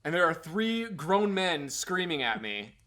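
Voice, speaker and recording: A young man telling casual stories, laughing often and mimicking shouted orders. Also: fairly high pitch, big pitch swings, a little slow. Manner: laughs often, mimics drill sergeants in bursts. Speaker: podcast co-host. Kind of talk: casual storytelling chat.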